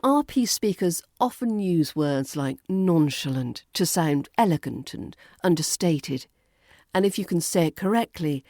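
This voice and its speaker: Brief: British RP woman, accent coach, low-pitched and unhurried, crisp playful delivery. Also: darkish tone, no room sound, clean studio sound. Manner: slow, deliberate, playful enunciation. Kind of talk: pronunciation lesson.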